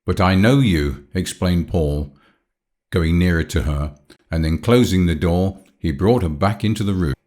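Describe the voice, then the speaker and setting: A man narrating a classic novel as an audiobook, in a measured, formal reading. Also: sits low, darkish tone. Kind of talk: scripted narration.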